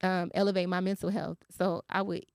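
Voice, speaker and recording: A woman's voice: on the low side, level tone, a little fast, gravelly, clean tone, dry recording. Young woman podcast host. Candid, profane, emotional storyteller, dry close mic. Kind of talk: casual podcast chat.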